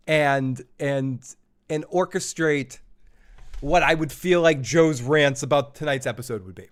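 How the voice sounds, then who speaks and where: A man's voice: on the high side, measured pace, fairly bright tone, smooth. A man hosting a live podcast, loose and jokey, laughing often and tripping over his words. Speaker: podcast host.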